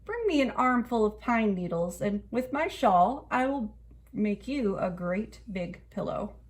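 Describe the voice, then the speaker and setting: A woman reading aloud, voicing a kind, gentle quiltmaker who speaks calmly. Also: medium pitch, measured pace, natural voice. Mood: kindly.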